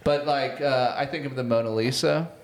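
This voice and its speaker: A man's voice: mid-range voice, steady tone, normal speed. A young man co-hosting a comedy podcast, chatting loosely with crude, laughing banter. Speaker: podcast co-host. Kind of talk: casual comedy podcast chat.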